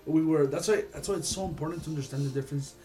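A young man leading an informal youth Bible study, earnest and animated, often restarting his sentences. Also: on the high side, racing, over music. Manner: earnest, animated, laughs when excited, many restarts. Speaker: youth group leader.

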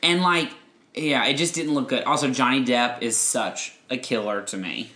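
Man, podcast host, chatty movie review, sharp bright tone, roomy echo. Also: mid-range voice, moderate pace. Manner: chatty, gossipy, animated storytelling. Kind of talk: casual chat, movie review. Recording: echoey room.

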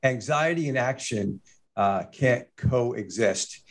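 A man in a casual business discussion on a podcast, talking thoughtfully and often pausing with "uh" and "um". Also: medium pitch, lively intonation. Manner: thoughtful, with frequent fillers and restarts. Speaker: managing partner, regular podcast guest.

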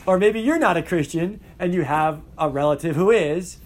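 Animated male teacher lecturing a class. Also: a little high, moderate pace. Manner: animated, asks the class questions.

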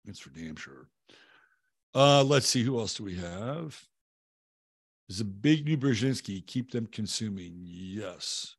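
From his home in Texas, a man hosts a casual livestream, chatting loosely and reading viewer comments, rambling with lots of fillers, restarts and casual swearing. His lowish voice has lively intonation and a breathy edge, and he takes it slowly with long pauses. The recording is dry and studio quality.

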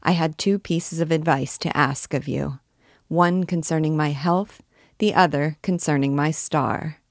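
A woman reads a disguised old gentleman who speaks in grave, humble tones. The voice sits low and moves slowly. The recording is dry and close. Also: steady tone, dry recording. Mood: earnest. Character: grave elderly male country gentleman in disguise.

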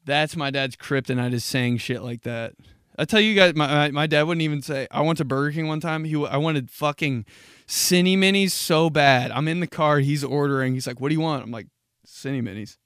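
A man's voice: on the high side, moderate pace, smooth, dry recording, studio quality. A young man telling stories with lots of swearing and laughter, in a casual comedic podcast monologue. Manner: profane, animated storytelling with frequent laughter. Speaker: podcast host.

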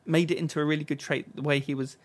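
A man's voice: on the high side, level tone, fast talker. A man hosting a podcast, giving his opinions in casual chat and reading mock news items. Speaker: podcast host.

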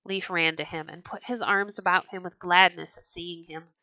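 A woman reading a children's storybook aloud, clear and gentle. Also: lowish voice, fairly even intonation, moderate pace, no echo, poor audio.

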